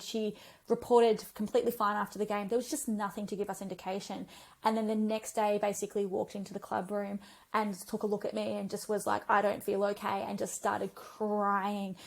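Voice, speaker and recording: A woman, a physiotherapist guest on a podcast, telling stories in a chatty, animated way with lots of fillers. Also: medium pitch. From Australia. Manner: chatty storyteller, animated retellings, frequent um and like. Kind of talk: conversational podcast interview.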